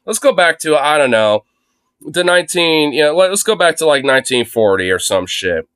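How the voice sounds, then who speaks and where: A young man rants through a live stream in a slightly high voice, swearing freely and dripping with sarcasm. The sound is close and dry, recorded on his phone. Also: sing-song, moderate pace, a bit bright, smooth, no echo. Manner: profane, ranting, sarcastic. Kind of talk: livestream commentary rant.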